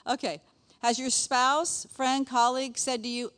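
A woman's voice: fairly high pitch, quick pace. A middle-aged woman giving a casual, chatty sermon as a pastor's wife, often checking in with the listeners. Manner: chatty, animated, frequent "okay?" asides.

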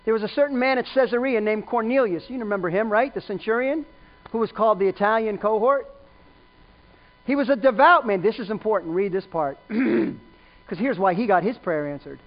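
Here the preacher speaks at a moderate pace with a medium pitch, preaching emphatically. He repeats his main points and quizzes the audience, and the recording is dull and lo-fi.

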